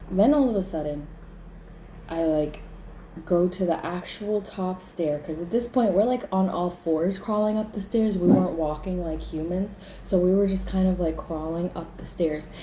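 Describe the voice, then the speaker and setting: A woman recounts a frightening dream as a casual story, chatty and full of "like". Her voice is mellow and warm. The room around her adds an echo. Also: fairly low pitch, moderate pace, a little hiss or hum. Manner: chatty, leans on "like", acts out her own panic. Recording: roomy echo.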